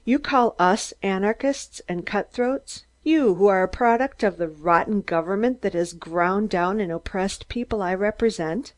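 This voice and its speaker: A woman reading an audiobook, voicing a stunted, excitable man who rants in shrill, staccato bursts. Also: measured pace, few pauses, lightly acted. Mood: ranting. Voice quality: shrill, squeaky. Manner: screaming, staccato, gloating.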